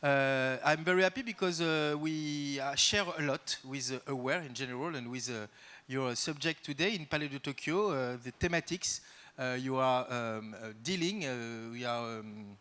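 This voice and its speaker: A man with a French accent, a native French speaker, giving an improvised welcome speech to a live audience as host, halting often as he searches for English words. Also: medium pitch, bright, forceful tone, smooth. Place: event venue, addressing a live audience.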